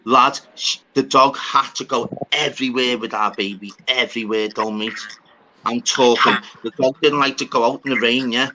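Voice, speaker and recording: A man spins a rambling, slangy story packed with swearing. His voice has a bright, forward edge. A faint bed of noise sits under the recording. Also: mid-range voice, steady tone, moderate pace, low-quality recording. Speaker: podcast talker. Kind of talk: casual chat.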